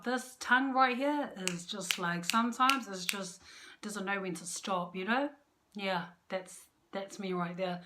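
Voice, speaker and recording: A woman's voice: medium pitch, normal speed, bright, forceful tone. A young woman chats to camera about her marriage in a loose, unscripted way. She is frank and playful, and often pokes fun at her own flaws. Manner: candid, playful and self-mocking. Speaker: vlogger. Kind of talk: casual advice chat to camera.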